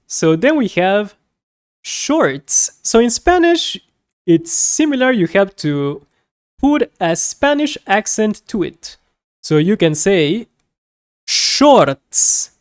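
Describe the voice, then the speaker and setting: A woman teaching a beginner Spanish lesson, repeating each word slowly and carefully, with light laughs as she explains. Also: mid-range voice, a little mellow, no room sound, studio quality. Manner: slow, careful repetition of words.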